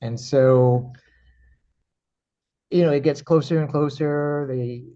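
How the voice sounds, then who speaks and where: A man who teaches karate, telling a story in an interview and acting out his own quoted lines in a higher, animated voice. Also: takes it slowly. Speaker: actor and karate teacher, podcast guest. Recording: slightly dull, lo-fi audio.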